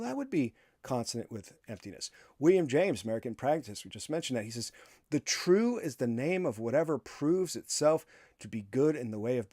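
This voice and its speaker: A man's voice: medium pitch, warm tone, no room sound, clean studio sound. A man giving a philosophy class lecture, talking casually, acting out quotes in other voices and chuckling often.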